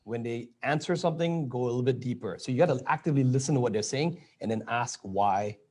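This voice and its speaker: A man in casual conversation about sales calls, quick and conversational. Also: medium pitch, a little mellow. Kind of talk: casual chat.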